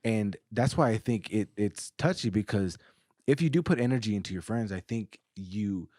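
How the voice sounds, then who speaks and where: A man's voice: lowish voice, normal speed, warm tone, no room sound, clean studio sound. A man co-hosting a podcast, thinking aloud in reflective casual chat, circling back with restarts. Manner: reflective, hedging, many fillers and restarts. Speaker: podcast co-host.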